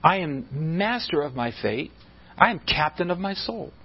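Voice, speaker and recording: Husky-voiced man preaching a sermon. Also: on the high side, very animated, normal speed, muffled recording. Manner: emphatic preaching with frequent stumbles and repeated words. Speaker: pastor.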